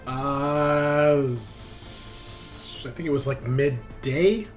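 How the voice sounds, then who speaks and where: A man's voice: medium pitch, very slow, faint music behind. A man narrating as game master of a tabletop game, casual, joking and profane.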